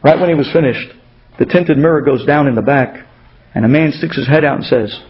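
Animated high-voiced male storyteller. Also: fairly quick. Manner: animated, acts out dialogue in stories. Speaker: speaker giving a Torah talk. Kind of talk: storytelling sermon. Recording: dull lo-fi radio recording.

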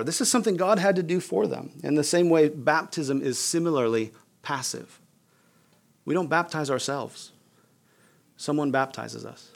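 A man's voice: fairly high pitch, moderate pace, creaky. A male pastor giving a sermon in a casual, conversational way, addressing the congregation as "you guys.".

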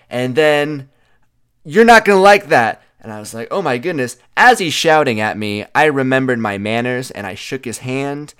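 Young man, mid-pitch, smooth clear voice, animated chatty storyteller. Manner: animated, chatty, filler-heavy with "like". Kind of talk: casual storytelling monologue.

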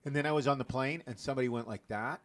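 A man's voice: mid-range voice, very fast. A man guesting on a podcast, giggling and telling tall tales with a straight face. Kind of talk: casual chat.

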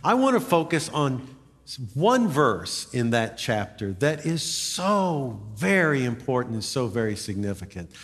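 A man preaching a sermon to his congregation, with lively emphasis and easy jokes with the listeners. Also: medium pitch, a little slow. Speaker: pastor. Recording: reverberant sanctuary, voice sometimes far from mic.

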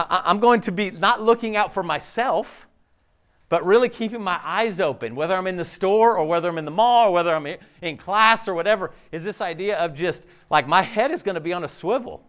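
Animated, conversational male preacher. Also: on the high side. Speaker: pastor. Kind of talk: sermon.

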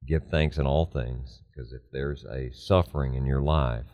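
A man's voice: rumbling low, steady tone, moderate pace, a little mellow, dull audio. A man co-hosting a Christian talk show, earnestly adding his points to the conversation.

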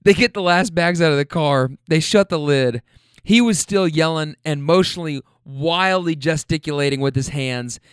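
Dude casually telling a story, swears a lot, kinda high voice, dry close mic. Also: male voice, normal speed, a bit bright, clear, resonant tone, dry recording. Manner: chatty, profane, laid-back with self-deprecating asides. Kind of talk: casual spoken anecdote.

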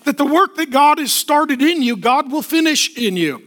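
High-voiced preacher with emphatic repetition. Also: male voice, moderate pace. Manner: emphatic, rhythmic repetition with lively storytelling asides. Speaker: pastor. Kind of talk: sermon.

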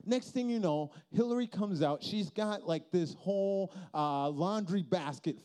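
A middle-aged man from Minnesota preaching a sermon as a story, acting out the dialogue with sudden jumps in pitch and loudness. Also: a little slow, clear, resonant tone.

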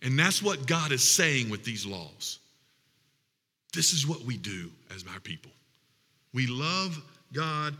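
A man's voice: a little high, pushed and bright, big-room sound. A man preaching a sermon as pastor, reading scripture and building to emphatic, humorous appeals. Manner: preaching with rising emphatic passages and humorous asides.

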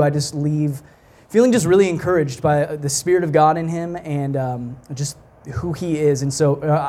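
A young man and guest preacher giving a sermon in a casual, conversational way, with many fillers and restarts, turning soft and low when he prays. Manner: drops soft and low in prayer. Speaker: pastoral apprentice, guest preacher.

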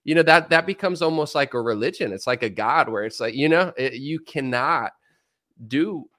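A male podcast host who keeps things loose and talks in a middle pitch. He reads out items and riffs on them with a dry, sarcastic streak and a lot of jokes. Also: animated, normal speed, a bit bright. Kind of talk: casual political chat.

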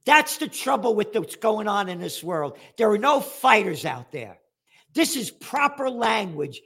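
Older New host, high lively voice, drawn-out delivery, profane and combative, rants and shouts at listeners. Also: male voice, slightly rough. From the Bronx, New York. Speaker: host of a trends news show. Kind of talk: opinionated news commentary.

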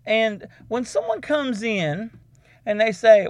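A man's voice: high-pitched, expressive, dry recording. A man hosting a podcast, giving a comic advice monologue in which he calls himself "the Doc" and lectures with lots of repetition. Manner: repeats himself, drawn-out emphasis. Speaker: podcast host.

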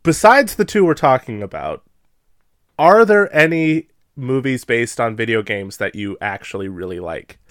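Relaxed male co-host, mid voice, dry close recording, chuckles through his asides. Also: medium pitch, no echo. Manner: easygoing, chuckling, quick asides. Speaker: podcast co-host. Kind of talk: casual chat.

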